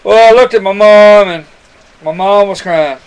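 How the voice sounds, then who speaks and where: A man's voice: sits high, normal speed, clear, resonant tone, low-quality recording. A man telling a personal testimony to his webcam, rambling and earnest, calling the listener son. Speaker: webcam storyteller.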